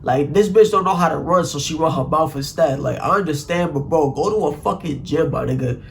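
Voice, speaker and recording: A young man telling a profane, animated story in a casual vlog, full of "like" and "bro.". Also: a little high, a little fast, creaky, slight background noise. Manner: animated, profane, slang-heavy, constant "like" and "bro".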